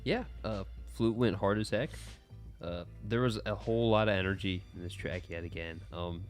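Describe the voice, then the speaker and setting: A man's voice: low voice, normal speed, soft background music. A man in casual podcast chat, giving laid-back, jokey takes on songs. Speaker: podcast co-host. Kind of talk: casual album review chat.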